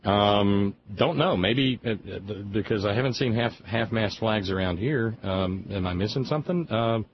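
A man hosting a radio talk show, answering a caller in a halting, thoughtful way. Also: lowish voice. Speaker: radio host. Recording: dull lo-fi sound with faint noise.

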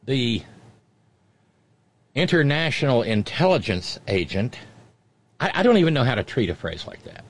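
A man with a mid-pitched, ordinary voice reads news items as a show host. He keeps stopping to poke fun at them with wry, mocking asides. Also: very animated. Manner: wry, mocking, quick interjections. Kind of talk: reading news with sarcastic asides.

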